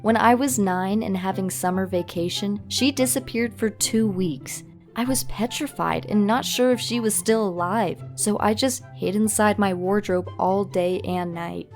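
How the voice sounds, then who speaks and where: A woman narrating a scripted first-person story in an even, steady delivery. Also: medium pitch, unhurried, soft background music.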